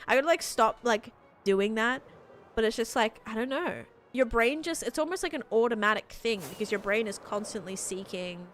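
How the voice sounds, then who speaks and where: A woman's voice: medium pitch, a bit bright. Young female streamer, loose filler-heavy chatter, mid-range voice, light music underneath. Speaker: game streamer. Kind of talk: casual live-stream chat.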